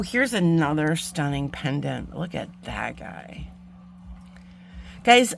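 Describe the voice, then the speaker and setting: A woman's voice: lowish voice, slight background noise. A woman hosting a jewelry-making channel, chatting casually and gushing as she unboxes beads, with frequent ums and gasps.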